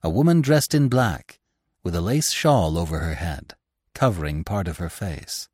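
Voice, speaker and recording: A man narrating a classic story in an expressive storytelling manner. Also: low-pitched, moderate pace, husky, no room sound, clean studio sound. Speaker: audiobook narrator. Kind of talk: scripted narration.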